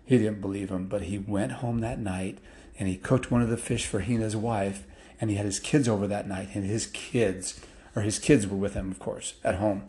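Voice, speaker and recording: A man telling a story in a loose, casual way, with restarts and fillers, picking up excitement as the action builds. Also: on the low side, normal speed.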